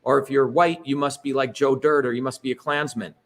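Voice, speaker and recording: A man's voice: mid-range voice, fairly even intonation, a little fast. A middle-aged man giving an emphatic, rhetorical public talk with slides, often checking in with "okay?" and "right?". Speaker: speaker leading a political talk.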